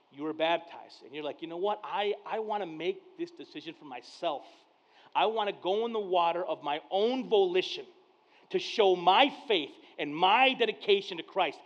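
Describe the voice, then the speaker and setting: A man with a rather high voice preaching from the pulpit in a chatty, storytelling way. He acts out the conversations, goes quiet and then suddenly loud. The sound is muffled and lo-fi. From Mexican heritage. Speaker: pastor. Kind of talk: sermon with personal stories. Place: church service. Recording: dull lo-fi sound.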